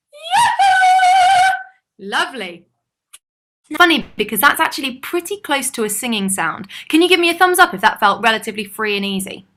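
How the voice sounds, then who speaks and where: A woman leading an online choir warm-up over a video call, encouraging the singers and demonstrating each sigh and call herself. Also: fairly high pitch. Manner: encouraging, demonstrates vocal calls and sighs. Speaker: choir leader.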